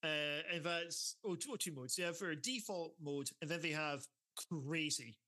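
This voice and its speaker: A man co-hosting a film podcast in casual chat, animated and laughing often. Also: fairly high pitch, moderate pace. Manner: animated, laughing often, mimics characters in quotes. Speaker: podcast co-host.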